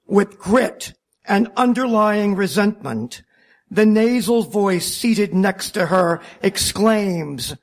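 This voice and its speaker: A man narrating a wry first-person story about driving a taxi, deliberate and self-mocking. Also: sits high, animated.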